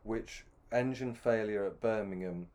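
A man's voice: lowish voice, a little slow, a little mellow. A middle-aged man telling a long, self-deprecating anecdote with many restarts. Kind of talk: anecdotal storytelling.

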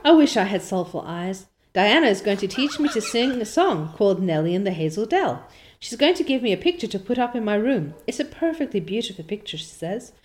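A woman reading aloud as an excitable, chatty orphan girl who gushes with wide-eyed delight. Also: medium pitch, natural voice. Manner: breathless, gushing, wide-eyed.

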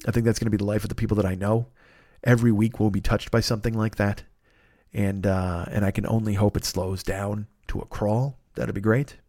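A man in his fifties hosting a casual solo podcast, rambling, excitable and full of profanity. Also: fairly low pitch, a little fast, dry recording, clean studio sound. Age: 50s. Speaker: podcast host.

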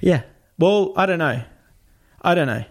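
A man telling a story in casual talk, animated and swearing, acting out what other people said. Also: fairly high pitch, a little slow.

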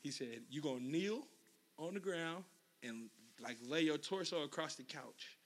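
A young man telling a long story in chat, animated and laughing often as he acts out what people said. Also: fairly high pitch, unhurried.

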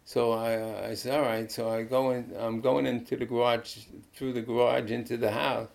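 An older man, a pastor, telling a folksy faith story on a Christian talk show, halting and restarting as he goes. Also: mid-range voice, flat delivery, gravelly, darkish tone.

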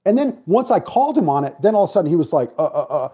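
Blunt middle-aged man, dark husky tone, quick profane storyteller. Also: high-pitched, very animated. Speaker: podcast guest. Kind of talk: casual storytelling chat.

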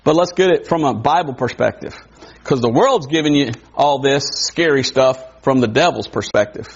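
A man preaching a sermon in a conversational way, wondering aloud and adding quick asides. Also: medium pitch, husky. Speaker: pastor. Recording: dull lo-fi recording.

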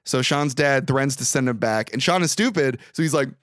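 A young man recapping a movie in casual podcast chat, animated, profane and mock-exasperated. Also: medium pitch, brisk, dry recording, studio quality. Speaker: podcast co-host.

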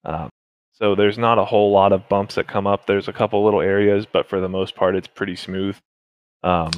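A man's voice: low-pitched, no echo, low-quality recording. A man, a racing driver, talking casually through a race with many fillers and restarts. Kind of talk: casual interview chat.

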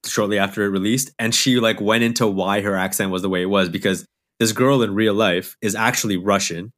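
Podcast dude, kinda low voice, swears a lot, laughs easy. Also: male voice, steady tone, fairly quick, a bit bright. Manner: loose, profane, laughs a lot. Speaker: podcast co-host. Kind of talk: casual chat.

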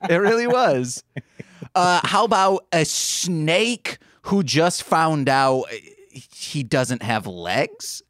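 Playful, animated man co-hosting a podcast. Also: fairly high pitch, dry recording. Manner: playful, quick with jokes. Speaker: podcast co-host. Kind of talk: casual chat. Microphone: remote call over internet. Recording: dry remote call audio.

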